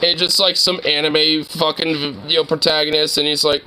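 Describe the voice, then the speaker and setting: A man's voice: a little high, level tone, normal speed, pushed and bright, clear, resonant tone, rough recording. A young man casually reacting to a video while gaming, laughing and swearing in disbelief. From suburban Toronto, Canada. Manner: laughing, incredulous, profane. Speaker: streamer.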